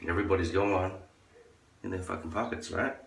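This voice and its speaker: Low-voiced man ranting in an echoey room. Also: steady tone, fairly quick, gravelly, fairly bright tone, slight background noise. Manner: crude, profane ranting; acts out others in a high falsetto. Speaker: vlogger. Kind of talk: rambling monologue. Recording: echoey room, far from the mic.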